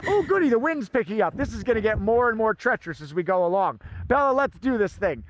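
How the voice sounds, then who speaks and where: A man's voice: sits high, very animated, fast talker. Theatrical man doing comic fire patter. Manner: theatrical, bossy, bursts into shouting. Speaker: fire performer.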